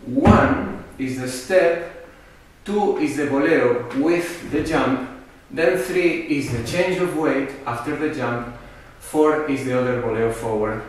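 A man with a mid-range voice teaches a tango class, counting the beats out loud and checking on his students. It's recorded from a distance in an echoey room, with a metronome, faint music, and slight background noise.

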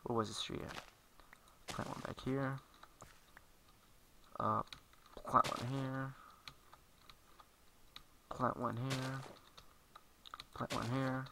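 A man sits at a computer giving casual let's-play commentary, rambling and correcting himself as he plays. His mid-range voice is flat and creaky, with drawn-out words and frequent pauses, over a noisy background.

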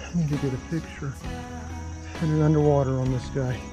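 A young man filming a casual fishing vlog outdoors by a creek, excitable and often calling out to his viewers as guys. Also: mid-range voice, a little fast, music in the background. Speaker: fishing vlogger.

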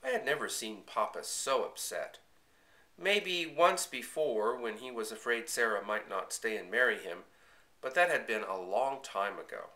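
Lively, bright-voiced male storyteller. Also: fairly low pitch, normal speed. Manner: expressive first-person narration. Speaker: audiobook reader. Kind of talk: storybook reading.

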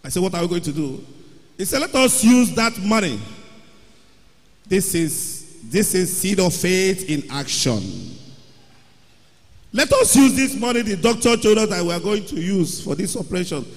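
A man telling his testimony at a worship service, with excited storytelling that rises into loud exclamations. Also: high voice, moderate pace. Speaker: church member giving testimony. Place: large church hall. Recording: long hall reverb.

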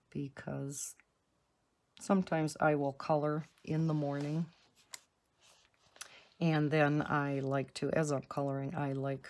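A woman's voice: sits low, darkish tone. A woman hosting a coloring channel, chatting casually and rambling through asides while she colors at home. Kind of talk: casual color-along chat. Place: home, indoors.

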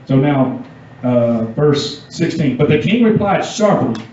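A man's voice: a little high, expressive, measured pace, dark tone. Youth preacher, male, conversational, quizzes the room; muffled distant recording in a church hall. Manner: casual, asks the audience questions. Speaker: youth pastor. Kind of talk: youth sermon with scripture reading. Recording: echoey dull room sound from far off.

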